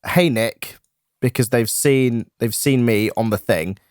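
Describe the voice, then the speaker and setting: A man's voice: medium pitch, a little slow, a little mellow, no room sound, clean studio sound. A young man teasing his co-host in casual banter, playful and joking.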